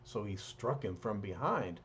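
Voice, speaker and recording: A man casually reading a comic book aloud, retelling the story in a halting way with many fillers. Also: fairly low pitch, expressive, fairly bright tone, slight background noise. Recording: dull lo-fi recording.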